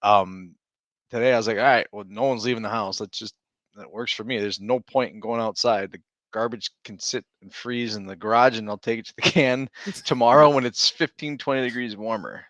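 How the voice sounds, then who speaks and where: A stay-at-home dad from Minnesota chats on a podcast in a mid-pitched voice. He rambles, restarts his sentences and laughs through his stories. The sound is dry and close. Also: fairly even intonation, moderate pace, a bit bright, dry recording. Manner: rambling, self-interrupting, laughs while telling stories. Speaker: podcast co-host. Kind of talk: casual chat.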